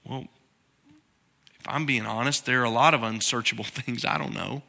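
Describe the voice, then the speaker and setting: A middle-aged man preaching a sermon in a conversational way, now and then acting out prayers in a softer, lower voice. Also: normal speed, creaky. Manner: conversational preaching, acts out quoted prayers in a soft low voice. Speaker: pastor.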